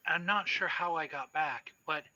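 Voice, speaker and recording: A man voicing a calm, gently cheerful woman devoted to a strange cult, as a game master's character in a tabletop game. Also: a little high, normal speed, no room sound, pitched above the performer's own voice, low-quality recording. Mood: serene. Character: serene cult-devoted woman of no clear age.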